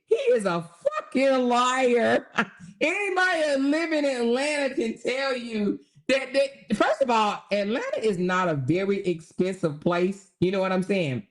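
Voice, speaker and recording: A woman's voice: a little high, animated, a little slow. A woman hosting a casual livestream, laughing often and mocking as she talks straight to her viewers. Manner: does sums and reads aloud while talking. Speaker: livestream host.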